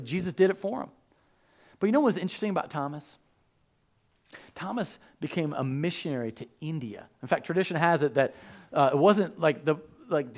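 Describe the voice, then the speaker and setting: A man preaching a sermon as a pastor, animated and joking, acting out the voices of biblical figures. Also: on the high side.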